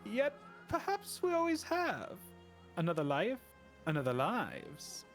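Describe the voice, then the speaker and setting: A man voicing a sly, predatory old witch woman in a game, reading her lines aloud in a slow, drawn-out, sinister way. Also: high-pitched, wildly swooping pitch, faint music behind, pitched above the performer's own voice, exaggerated voice. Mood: creepy.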